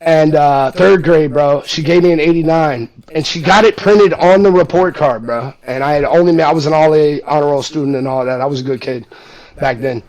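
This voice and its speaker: A man's voice: fairly high pitch, moderate pace, darkish tone, low-quality recording. A man hosting a casual livestream chat, telling rambling stories full of fillers. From Houston area. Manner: rambling storyteller, lots of fillers. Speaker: host.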